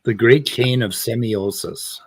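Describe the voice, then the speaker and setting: A man's voice: medium pitch, measured pace, breathy edge, dry recording. A man on a casual panel chat, rambling through an explanation with many fillers. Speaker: co-host.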